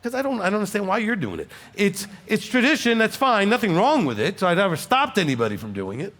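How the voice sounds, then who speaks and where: Fast and sing-song, this rabbi's fairly bright, high-sitting voice fills a large congregation hall as he fields questions from congregants. He's from Alabama, speaks with a Southern US accent, and keeps the exchange conversational, often punctuating it with "okay?"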